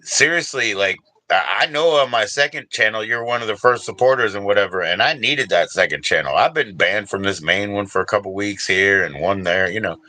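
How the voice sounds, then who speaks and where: A man's voice: on the low side, a little fast, pushed and bright, dry recording. An older man hosting a casual livestream, rambling and laid-back, reading out viewers' names and chatting with them. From Washington DC area, US. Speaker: livestream host.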